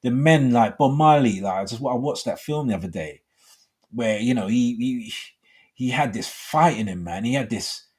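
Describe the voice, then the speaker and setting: A man's voice: medium pitch, normal speed, darkish tone, breathy edge. A middle-aged man hosting a live call-in show, talking in a rambling way full of fillers.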